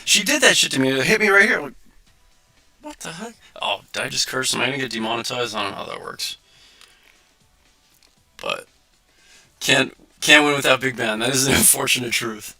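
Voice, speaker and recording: Brief: twenties male streamer, casual, animated storyteller, tense bright tone. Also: medium pitch, normal speed, vocal fry, pauses often, faint music behind. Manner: animated storytelling, acting out quotes with many filler likes. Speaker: livestream host. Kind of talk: casual livestream chat.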